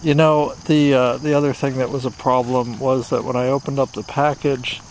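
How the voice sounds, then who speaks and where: A man's voice: medium pitch, little pitch movement, moderate pace, a little hiss or hum, poor audio. Wry, dry-humored man co-hosting. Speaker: podcast co-host. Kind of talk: casual conversation.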